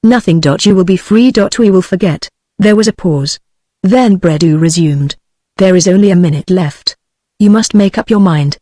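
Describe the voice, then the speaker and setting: A woman's voice: lowish voice, normal speed, no echo, clean studio sound, natural voice. A woman with a British accent, a synthetic voice, reading the lines of a ruthless, misshapen male clerk holding a gun. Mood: menacing. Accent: British English. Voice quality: even synthetic delivery.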